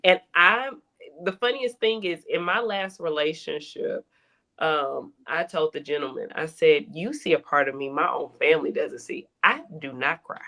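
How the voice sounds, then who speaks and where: A woman's voice: low-pitched, moderate pace, a bit bright. A woman in a casual group chat telling a candid personal story and acting out quoted dialogue. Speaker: panelist.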